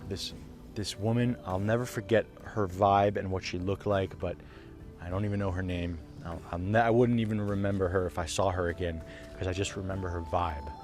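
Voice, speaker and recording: A man's voice: low-pitched, moderate pace, soft background music. Man recounting a harrowing trip, raw. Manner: raw, emotional, swearing, dips to hushed then rises loud. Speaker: vlogger. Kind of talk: casual storytelling to camera.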